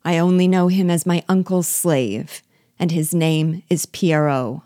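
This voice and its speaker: Defiant young prisoner guy, curt and scornful, low voice, woman reading. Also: steady tone, a little slow, mellow, no echo, studio quality, lightly acted. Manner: disdainful, curt. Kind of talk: audiobook character reading.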